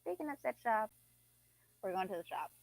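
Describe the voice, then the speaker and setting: A woman's voice: medium pitch, big pitch swings, a little fast, gravelly, no echo, rough recording. A young woman chatting casually and drowsily while she plays a life-sim game, now and then yawning. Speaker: gaming vlogger. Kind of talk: casual gameplay commentary.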